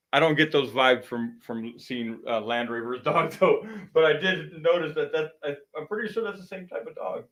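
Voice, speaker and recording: A man's voice: mid-range voice, fairly bright tone, low-quality recording. A man chatting casually on a live stream, telling a rambling, profane story with frequent restarts.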